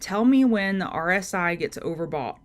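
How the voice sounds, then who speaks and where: A woman's voice: fairly low pitch, lively intonation, moderate pace. Chatty woman hosting a trading stream. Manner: chatty, greets viewers by name while charting. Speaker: trading show host. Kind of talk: live-stream market commentary.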